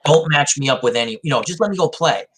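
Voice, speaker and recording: Male host, somewhat high-pitched, loose and self-deprecating anecdotes, light background noise. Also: animated, fast talker, a bit bright. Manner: rambling storyteller, self-deprecating. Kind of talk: casual chat.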